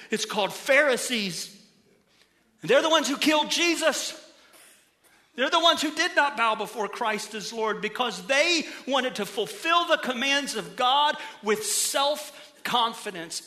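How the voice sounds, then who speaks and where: A middle-aged male pastor giving an animated sermon in a church, moving between quiet emphasis and loud bursts. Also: extremely high pitch. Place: church auditorium.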